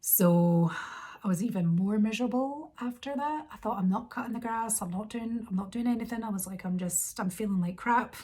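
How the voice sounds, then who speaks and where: A young woman vlogger telling a story in a casual, rambling, animated way, quoting her own thoughts. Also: mid-range voice, moderate pace. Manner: rambling, animated retelling with quoted inner thoughts.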